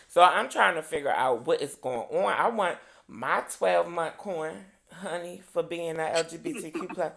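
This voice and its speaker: A woman co-hosts a casual podcast with a sassy, profane edge. Her voice sits low and carries a gravelly fry. She calls everyone "honey" constantly. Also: fairly bright tone. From United States. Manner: sassy, says "honey" constantly, swears freely. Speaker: podcast co-host.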